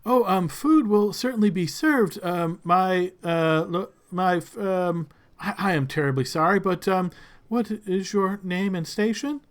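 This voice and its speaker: A jittery, fawning male servant who stumbles over his words and bows to every lord, as a man puts him on. His voice sits a little high and keeps tripping on apologies in a tabletop game scene. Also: unhurried. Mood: flustered. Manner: stammering, overly polite, apologetic.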